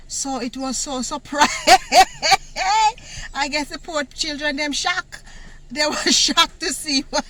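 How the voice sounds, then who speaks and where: A woman from Jamaica with a Jamaican accent, telling a personal story in a casual, animated way, laughing often and using patois words. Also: fairly high pitch, a little hiss or hum. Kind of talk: casual story time monologue.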